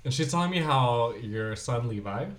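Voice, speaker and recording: A man co-hosting a casual podcast chat, reacting expressively and quick to laugh. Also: mid-range voice, expressive, roomy sound. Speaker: podcast co-host.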